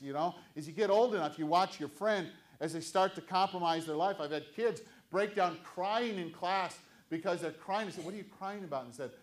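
An older man, a pastor, preaching an earnest, conversational sermon to his congregation. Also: on the high side.

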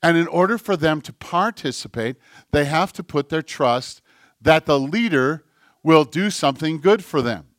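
A man's voice: fairly high pitch, lively intonation, normal speed, no room sound. Man, pastor, sermon, earnest, repetitive cadence, dry sound.

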